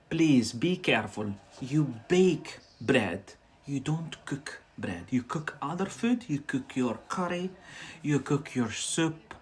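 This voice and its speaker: A Scottish man with a medium-pitched voice teaches English on a livestream, chatting casually and slowly repeating words so learners can follow.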